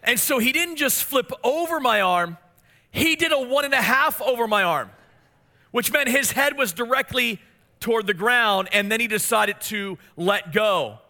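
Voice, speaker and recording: A male pastor in his forties preaches with a high, bright, ringing voice. He tells family stories in an animated way and turns to his listeners with questions. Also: normal speed. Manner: storytelling, animated, asks the congregation questions. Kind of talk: sermon.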